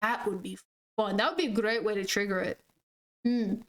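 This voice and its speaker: A woman's voice: medium pitch, steady tone, moderate pace. A woman streaming a game, chatting casually and rambling with frequent giggles and slangy words like 'dude' and 'freaking'. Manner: giggly and rambling, laughing often. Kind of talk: casual gaming stream chat.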